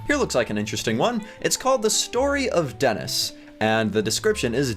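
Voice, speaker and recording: A chatty man reads fan fiction aloud with a casual, giggly manner and frequent asides. His voice sits at a middle pitch. Soft music plays faintly behind him. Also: very animated, fairly quick, few pauses. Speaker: YouTuber.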